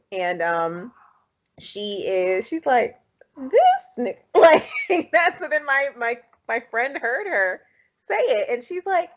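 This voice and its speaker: Animated woman telling stories, laughing often. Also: fairly high pitch, highs cut off. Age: 30s. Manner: animated storytelling, laughs often, acts out quotes. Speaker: podcast co-host. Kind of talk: casual chat.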